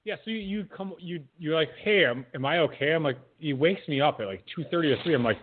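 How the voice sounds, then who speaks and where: A man bantering rapid-fire, piling joke on joke as he interrupts. His voice is on the high side. It comes through thin and phone-like. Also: expressive, a little hiss or hum. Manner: joking, interjecting, exaggerating. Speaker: podcast guest. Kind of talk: casual banter. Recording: tinny phone-line audio.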